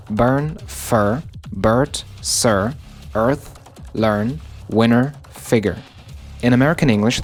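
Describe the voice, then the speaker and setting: Brief: low-pitched male narrator for a linguistics explainer, measured and methodical, stretching out each example word. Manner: explanatory, slows down to spell out example words. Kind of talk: scripted educational narration.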